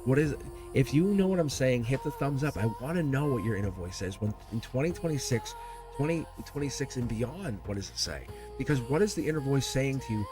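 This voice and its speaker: A middle-aged man hosting a live tarot stream, rambling and animated, laughing often as he talks. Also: medium pitch.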